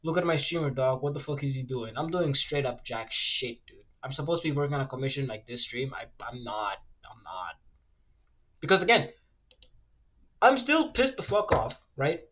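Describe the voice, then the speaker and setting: A man's voice: animated, fairly bright tone. Ranting, rambling male streamer. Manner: rambling, ranty, swears freely, fillers like "low-key" and "like"; reads web search results aloud in a rushed mumble. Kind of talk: casual livestream chat while drawing.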